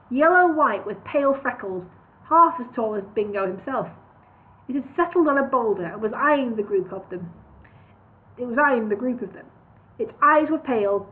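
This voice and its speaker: A woman reading a parody fantasy novel aloud, sometimes stopping to redo a line. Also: fairly high pitch. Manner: stops and redoes lines. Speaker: reader. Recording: tinny phone-like sound.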